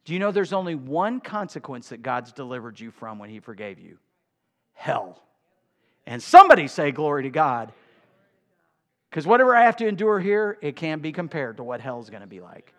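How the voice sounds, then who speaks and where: Man preaching, bursts loud then slow. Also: on the high side, big pitch swings. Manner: preaching with sudden loud outbursts and drawn-out slow emphasis. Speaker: pastor. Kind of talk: sermon.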